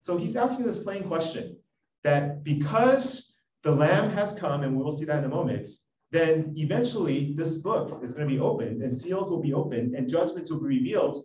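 A man preaching an expository sermon, reading scripture with animated emphasis. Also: on the high side, normal speed. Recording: echoey, dull audio from a distance.

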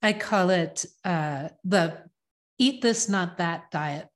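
A woman's voice: on the low side, slow. Emphatic woman guest on a sobriety podcast. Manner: earnest, emphatic, lists ideas in punchy repeated phrases. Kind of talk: casual interview chat.

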